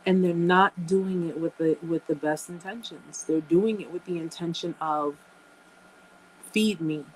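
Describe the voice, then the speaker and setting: A woman's voice: fairly low pitch, steady tone, moderate pace, darkish tone, slight background noise, low-quality recording. A woman hosting a live chat, talking emphatically to her viewers, repeating phrases and calling them guys. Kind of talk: casual live-stream chat.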